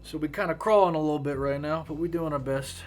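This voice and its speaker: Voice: mid-range voice, fast. A game streamer giving playful, chatty let's-play commentary with wry asides. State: tired legs after a run. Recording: clear game music behind the voice. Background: game music.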